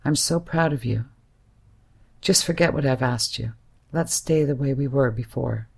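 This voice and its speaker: A woman reading the part of a hesitant but serious young man, a gentle family friend, in an audiobook. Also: mid-range voice, measured pace, gravelly, breathy edge. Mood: pleading. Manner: hesitant yet serious, soothing.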